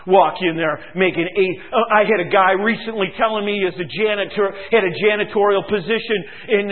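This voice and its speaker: A man's voice: high-pitched, fairly quick. A man preaching a sermon as pastor, sarcastic and emphatic, mocking his listeners. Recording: tinny phone-like recording.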